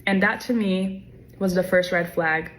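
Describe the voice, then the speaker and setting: A woman's voice: on the low side, a little slow, low-quality recording. A woman talking to camera in an indignant, earnest way. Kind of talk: clip of another creator's video talking to camera.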